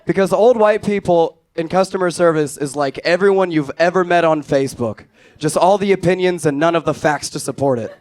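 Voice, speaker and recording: A young man doing stand-up, telling a story with dry, offhand delivery that drops low and quiet on the punchlines. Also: a little fast. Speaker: stand-up comedian.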